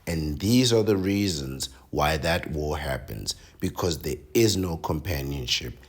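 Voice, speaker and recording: A man's voice: extremely low pitch, expressive, a little slow, husky. A man reading out an article and reacting to it with sardonic commentary, lecturing his listeners and often adding "right?".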